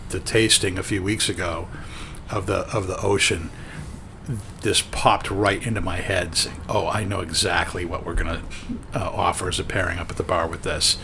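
A man's voice: low voice, vocal fry, background noise. A man hosting a casual chat show, rambling with many fillers and restarts. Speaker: podcast host.

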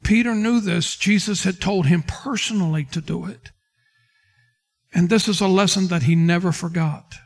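Man pastor, high-pitched, preaching a sermon and acting out scripture scenes. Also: normal speed, vocal fry. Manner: preaching with King James quotes and dramatic retellings.

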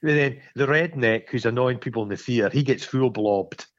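A man co-hosting a casual film-review chat, swearing and joking as he acts out bits of scenes. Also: medium pitch. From Scotland. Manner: sweary, jokey, acts out scenes in quick impressions. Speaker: podcast co-host. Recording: slightly dull lo-fi sound.

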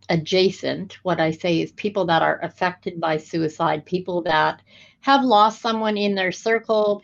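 Lady podcast host, talks real slow and careful, kinda dull audio. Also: medium pitch, vocal fry. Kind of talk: interview intro.

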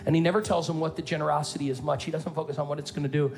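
A man preaching as a pastor in a playful, animated way, calling out to his congregation. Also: on the high side, racing, vocal fry. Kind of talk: sermon.

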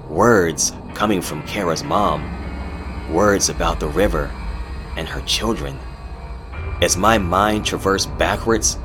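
A man narrating a horror story in a measured, dramatic storytelling style, over background music. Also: low-pitched. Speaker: narrator and host. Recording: music playing underneath.

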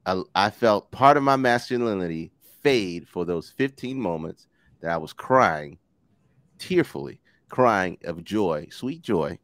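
Forties male co-host, low voice, lively and jokey, dry close sound. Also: measured pace, no room sound. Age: 40s. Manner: animated, joking, swearing, laughs often. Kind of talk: casual chat.

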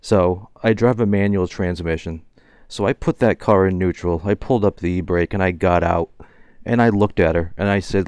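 A man in his forties tells an angry story in a fired-up, ranting way. His voice sits fairly low and sounds close and dry, with little room around it. He laughs as he goes and swears casually. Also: moderate pace, darkish tone, smooth, no room sound. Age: 40s. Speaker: vlogger.

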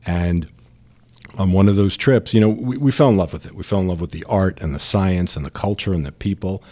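A man's voice: deep voice, a little fast, warm tone. A man in his fifties with a New York accent, a guest telling his story in a chatty way with many fillers. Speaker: distillery founder, guest. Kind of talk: casual interview chat.

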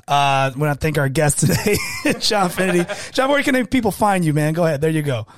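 A man's voice: a little high, lively intonation, brisk, a crowd in the background. A man hosting a comedy podcast, joking around and laughing often. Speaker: podcast host. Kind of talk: casual comedy podcast chat.

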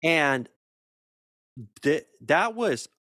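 A man's voice: fairly high pitch, very slow, no echo, clean studio sound. A man, a pastor co-hosting a podcast, chatting casually with wry humor. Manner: wry, deadpan jokes. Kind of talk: casual chat.

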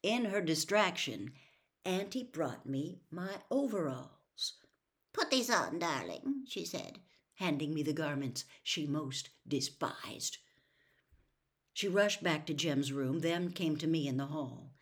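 A woman reading a novel aloud in a slow, measured, hushed storytelling voice. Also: deep voice. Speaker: story reader.

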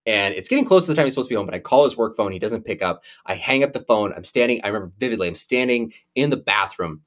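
A man in an easygoing podcast conversation, his pitch swinging widely as he tells a story. He laughs often as he talks. His delivery stays animated and chatty. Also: very fast. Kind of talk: casual chat, storytelling.

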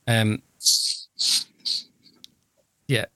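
A man's voice: drawn-out words, no echo. A man in his fifties co-hosting a podcast, chatting casually in a jokey, rambling, self-deprecating way. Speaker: podcast co-host, social worker. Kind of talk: casual chat.

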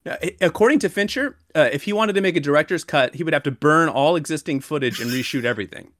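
A man's voice: fairly high pitch, fast talker, no room sound, studio quality. A man in his thirties co-hosting a podcast, telling a story in casual chat and getting worked up as he goes. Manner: animated storytelling, gets worked up. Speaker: podcast co-host.

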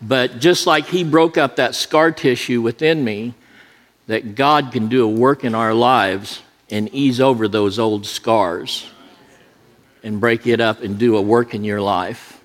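Here the middle-aged man speaks at a measured pace in a mid-range voice. He's an associate pastor giving a sermon peppered with jokey stories at his own expense, recorded with the long reverb of a big church sanctuary.

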